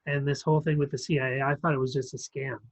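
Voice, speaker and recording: A man's voice: medium pitch, level tone, fast, dry recording, poor audio. A man co-hosting a film review podcast, talking casually with many ums and restarts. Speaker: podcast co-host reviewing films. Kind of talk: casual chat.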